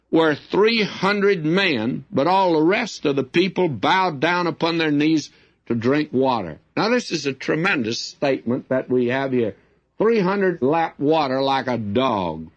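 A man's voice: a little high, no echo. A male preacher giving a folksy, conversational and emphatic Bible-teaching sermon. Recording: dull dry lo-fi recording.

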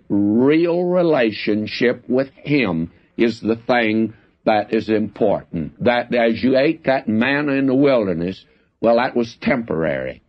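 A male Bible teacher speaks in an unhurried, earnest sermon voice, sitting a little low in pitch. His phrasing is folksy and deliberate. The recording sounds dull and lo-fi.

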